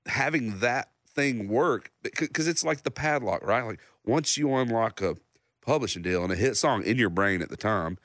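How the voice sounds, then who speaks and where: A songwriter in his thirties telling a story in casual chat, acting out other people's lines in a loud, high voice. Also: normal speed, no room sound, studio quality. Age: 30s. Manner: animated storyteller, acts out loud high-pitched quotes of others. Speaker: songwriter guest.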